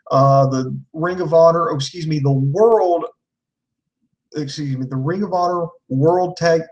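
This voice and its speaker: A man with a fairly high voice talks through a show review in a loose, rambling way, leaning on fillers and throwing in the odd curse. He sounds a bit far from the microphone. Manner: rambling, filler-heavy, profane, enthusiastic. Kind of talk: casual spoken review.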